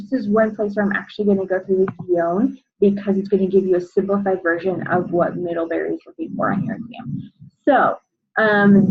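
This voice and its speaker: A young adult woman, a Spanish teacher, walking students through an exam review and filling pauses with frequent "um"s. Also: mid-range voice, slightly rough, highs cut off. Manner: explanatory, many "um" fillers.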